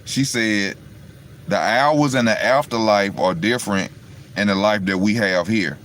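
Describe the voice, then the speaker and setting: A man's voice: lowish voice, unhurried, a bit bright, slight background noise. Rambling man talking into his phone. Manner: rambling, storytelling, keeps saying "you know what I'm saying". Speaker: vlogger. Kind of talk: casual monologue to viewers. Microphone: phone on charge.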